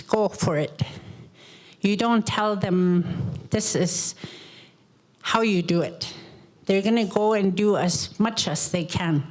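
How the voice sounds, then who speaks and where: Slow, deliberate woman sharing teachings. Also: medium pitch, poor audio. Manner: slow, deliberate storytelling with repetition. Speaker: audience participant at a panel. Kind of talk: reflective comment sharing teachings.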